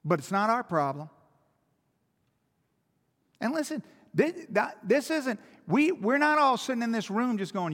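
High-pitched man, preacher, emphatic sermon, rhetorical questions, echoing church hall. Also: very animated, unhurried, pauses often, a bit bright. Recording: long hall reverb.

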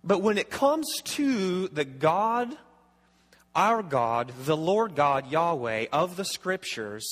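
Earnest pastor preaching in a reverberant hall. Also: male voice, mid-range voice, a bit bright. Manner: earnest, emphatic, restarts and repeats words. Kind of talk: sermon.

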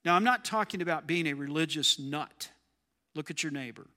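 A man's voice: fairly high pitch, a little fast, pushed and bright. Conversational man preaching in a reverberant hall. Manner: conversational, asks the audience questions. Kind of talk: sermon.

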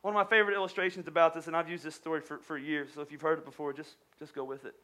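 A male pastor delivering an energetic sermon in a storytelling manner, stumbling and restarting at times. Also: on the high side, racing.

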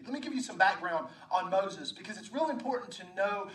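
High-voiced man preaching a sermon. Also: brisk. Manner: animated, acts out dialogue, frequent repetitions. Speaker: pastor. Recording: echoey room from a distance.

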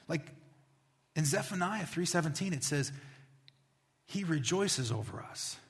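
A man preaching a sermon as a pastor, in a lively, conversational way that acts out little scenes. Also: fairly high pitch. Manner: animated, conversational preaching with acted-out voices. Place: church. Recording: long reverb of a church hall.

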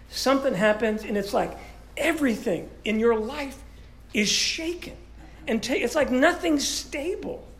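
A man preaching a sermon as pastor, stuffy-nosed and congested, in a lively, conversational way with many restarts. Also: high voice, vocal fry, reverberant, slight background noise. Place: church sanctuary.

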